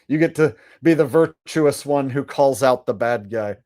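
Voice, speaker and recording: Male livestream host, casual, profane, rambling commentary, mid-pitched voice. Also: normal speed, a little mellow.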